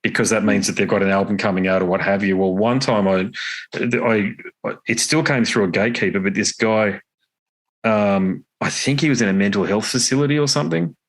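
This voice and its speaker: Male guest, low-pitched, chatty storyteller, easy laugh, casual interview. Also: a little fast. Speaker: podcast guest, guitarist and podcaster.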